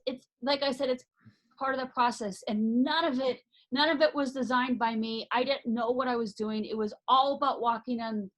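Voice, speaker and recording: Woman, podcast guest, author and life coach, fairly high voice, earnest, emphatic, restarts sentences. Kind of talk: personal story in a podcast interview.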